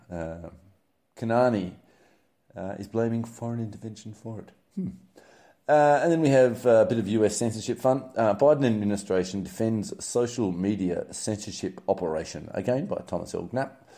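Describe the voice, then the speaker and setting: This man's voice is on the low side with a dark tone. He's hosting a casual spoken news roundup of the week, wry and sarcastic, rambling and filling pauses with many ums and uhs.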